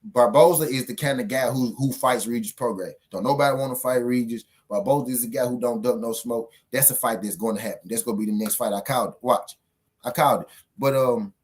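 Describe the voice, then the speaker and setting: A man giving casual boxing commentary on his own show, emphatic and profane, repeating points for effect. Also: mid-range voice.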